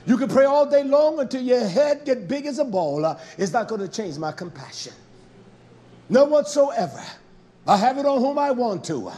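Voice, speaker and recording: Male preacher going off, really high voice swinging all over the place, scolding and confrontational. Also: sing-song, moderate pace, dark tone. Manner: confrontational, scolding, fond of rhetorical questions. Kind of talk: fiery sermon.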